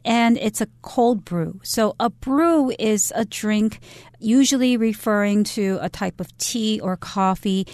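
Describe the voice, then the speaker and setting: A woman co-hosting an English lesson on the radio, giving clear definitions of words. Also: medium pitch, darkish tone, no room sound. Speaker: English teacher co-host.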